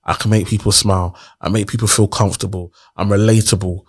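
A man's voice: lowish voice, fairly even intonation, fast, slightly rough. A man tells his story in a casual interview, earnest and motivational, often asking rhetorical questions. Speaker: guest.

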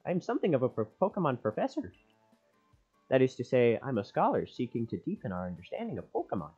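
A man's voice: mid-range voice, huge pitch swings, fast, darkish tone, slightly rough, lo-fi sound, soft background music, pitched above the performer's own voice. A man voicing a fussy, genteel middle-aged male professor in a theatrical, overly proper manner, improvising over game dialogue. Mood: polite.

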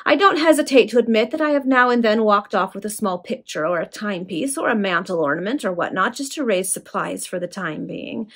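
A woman's voice: medium pitch, husky. A woman reading aloud, voicing a cool and menacing male villain in her own voice. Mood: mocking. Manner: calm, mocking, unhurried.

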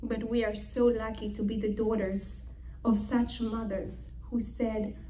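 A woman giving a religious lecture, telling the story in an animated way and acting out the quotes. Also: on the high side, unhurried, distant mic, rough recording. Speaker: Torah teacher.

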